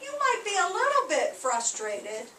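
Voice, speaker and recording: A high, bright-voiced woman teaching a class of small children, acting out each feeling with big swings in her voice. She is caught from far off in a roomy, echoing hall. A faint hum sits behind her. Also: huge pitch swings, measured pace. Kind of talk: classroom lesson to young children. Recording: echoey room recorded from a distance.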